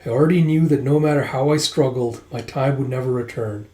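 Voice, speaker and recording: A quiet, gentle young man from a comic book, long lonely, voiced by a man reading aloud. He speaks softly and slightly lower, with a warm, mellow tone. A roomy echo hangs around the voice. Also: a little fast, natural voice. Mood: wistful. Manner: soft, subdued, hushed delivery.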